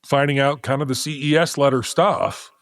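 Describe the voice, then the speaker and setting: A middle-aged man speaking as a podcast guest. He tells a story in a casual, animated way and restarts his sentences as he thinks aloud. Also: mid-range voice, moderate pace, no room sound, studio quality.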